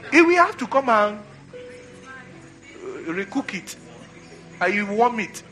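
A man preaches with a bright, forceful voice pitched a little high. He drives home his points by repeating phrases and calling for answers from the congregation. Soft music plays faintly behind him. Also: sing-song, slow. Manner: call-and-response preaching, repeats phrases for emphasis. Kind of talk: sermon.

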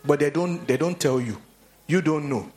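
A man preaching a sermon, telling stories animatedly and acting out the voices of the people he quotes. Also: normal speed. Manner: animated storytelling, acts out quoted voices in a high pitch.

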